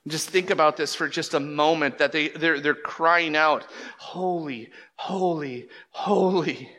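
Male pastor, sermon delivery, bright forceful tone, emphatic surges and drops, big reverberant hall. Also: fairly high pitch, flat delivery, normal speed, slight background noise. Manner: emphatic, swings between loud bursts and hushed lines. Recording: long reverb of a large hall.

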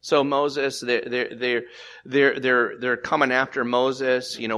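A man preaching a sermon as pastor, with animated delivery, repeated restarts and swings between loud emphatic lines and quiet ones. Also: mid-range voice, slow pace.

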